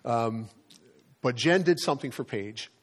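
Middle-aged pastor, chatty storyteller. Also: male voice, mid-range voice, expressive, a little slow. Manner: conversational storytelling, repeats words as he goes. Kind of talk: sermon.

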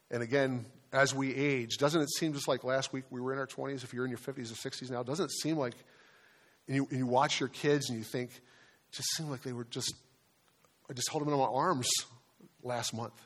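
A man in his fifties preaching a sermon as pastor, earnest and conversational, slowing down and dropping to a hush on key words. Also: medium pitch. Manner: conversational storytelling with restarts.

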